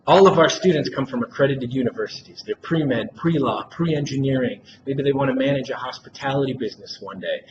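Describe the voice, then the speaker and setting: A man giving a rehearsed, persuasive sales pitch in a role-play and often addressing the listener by name. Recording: dull lo-fi recording with clear background noise.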